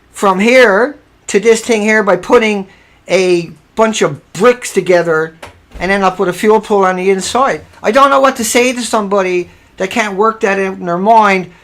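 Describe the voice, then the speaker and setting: A man's voice: sits high, fairly bright tone. A man hosting a live stream, insisting on his point and repeating himself, often breaking off to fix audio trouble. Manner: distracted while fixing audio, trails off. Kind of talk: livestream commentary.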